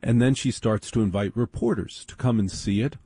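Wry, husky-voiced male storyteller. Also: medium pitch, fairly quick, warm tone, no room sound. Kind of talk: comic storytelling monologue.

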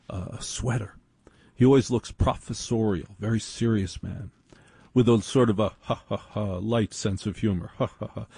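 A man's voice: fairly low pitch, warm tone, breathy edge, no room sound. A man telling a story in a wry, dry, digressive monologue.

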